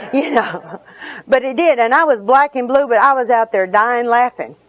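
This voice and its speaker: A woman's voice: on the high side, moderate pace, no echo, some chatter behind. A middle-aged woman telling folksy, humorous personal stories at a recovery meeting, often laughing as she talks. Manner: folksy, laughing through her own stories. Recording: dull lo-fi recording with audience.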